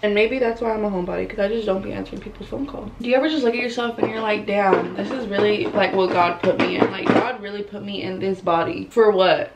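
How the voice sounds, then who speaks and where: A woman's voice: medium pitch, fairly even intonation, quick pace, hardly any pauses, very noisy. A young woman chatting bluntly during a makeup routine, swearing and saying "like" constantly, filmed by a camera in her bedroom. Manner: chatty and blunt, swears a lot, heavy use of "like". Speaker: beauty vlogger. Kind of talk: casual get-ready-with-me chat.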